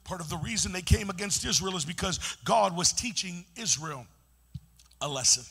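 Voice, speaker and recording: A man preaching a sermon in call-and-response style, chanting and building to shouts. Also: sits high, lively intonation, moderate pace, creaky, husky.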